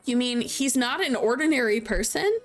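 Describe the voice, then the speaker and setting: A woman's voice: fairly high pitch, animated, normal speed, soft background music, natural voice. A woman reading a young heroine's questions aloud in her own voice. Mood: curious.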